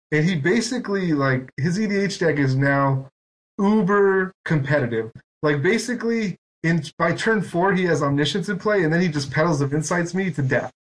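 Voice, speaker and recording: A man hosting a podcast, telling long, rambling, self-mocking stories in casual chat. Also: a little high. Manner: rambling, self-mocking storytelling with lots of quoted back-and-forth. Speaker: podcast host.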